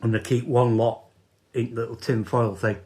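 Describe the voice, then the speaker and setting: A man, talking casually in a personal vlog, halting and repeating words as he goes. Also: mid-range voice, flat delivery, mellow. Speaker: vlogger.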